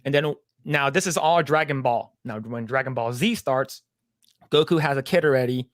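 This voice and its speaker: A man's voice: mid-range voice, normal speed, no echo, studio quality. A man on a podcast casually retelling a cartoon story, rambling, acting out the characters' lines and swearing freely. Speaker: podcast co-host.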